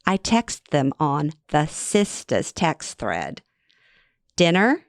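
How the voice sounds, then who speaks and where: A woman's voice: low-pitched, very animated, slow, a little mellow, no room sound, clean studio sound. Wry middle-aged woman telling a story. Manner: wry, conversational, self-deprecating. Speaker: author reading her own memoir. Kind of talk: first-person story narration.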